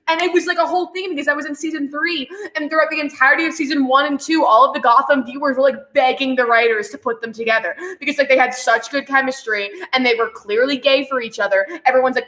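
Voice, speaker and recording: A young woman with a high, bright voice chats animatedly on a livestream. She laughs often and swears freely, and her voice rings in a roomy echo. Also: quick pace, few pauses. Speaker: streamer hosting a watch party. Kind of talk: casual livestream chat.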